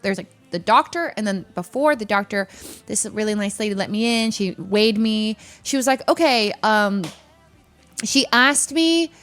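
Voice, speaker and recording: A young woman telling a story in casual chat, acting out quotes with sudden squeaky high notes. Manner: animated, acts out quotes with sudden squeaky highs. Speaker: streamer.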